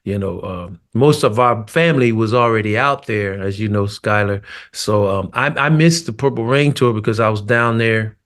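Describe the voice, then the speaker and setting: A middle-aged man, a drummer guest, telling stories in a loose, animated way with laughs. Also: on the low side, normal speed, hardly any pauses. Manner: animated storyteller, laughs and acts out scenes. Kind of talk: casual storytelling chat.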